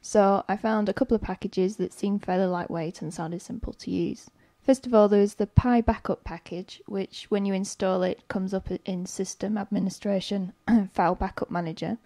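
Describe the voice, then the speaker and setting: A woman co-hosting a podcast, explaining software step by step in relaxed casual chat. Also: mid-range voice, moderate pace, dry recording. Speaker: podcast co-host.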